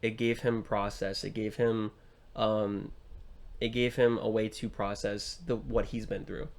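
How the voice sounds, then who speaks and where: Unhurried and flat in delivery, this young podcast co-host speaks in a lowish voice. He talks loosely about a film, with many fillers and restarts along the way.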